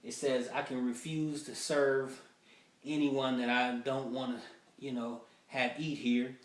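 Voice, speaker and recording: Comedian doing stern, lecturing buffet boss; roomy echo, mic far away. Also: male voice, mid-range voice, level tone, unhurried, close to an everyday voice. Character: strict male buffet manager scolding customers.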